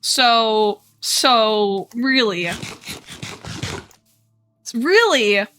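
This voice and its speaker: A woman's voice: a little high, animated, very slow, bright, forceful tone, soft background music. A woman live streaming a game, chatting casually to her viewers with sarcastic, mock-bored asides. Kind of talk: casual livestream chat while gaming.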